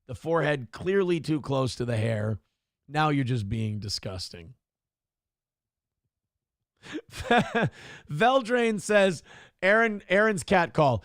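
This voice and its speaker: A man hosting a morning show, reading viewer chat in a casual, sardonic way and cursing freely. His voice sits a little high and swings widely in pitch, jumping up into a sing-song for the lines he quotes. The sound is dry and close, with no room around it. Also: sing-song, unhurried, gravelly, long pauses, fairly bright tone, no echo. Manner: sardonic, mock-indignant, swears freely.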